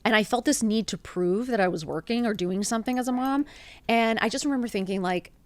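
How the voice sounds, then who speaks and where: A woman's voice: on the high side, fairly quick, darkish tone, dry recording. A woman in her fifties, a podcast guest, telling a personal story with emotion, swearing freely and acting out the dialogue. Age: 50s. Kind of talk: candid storytelling interview.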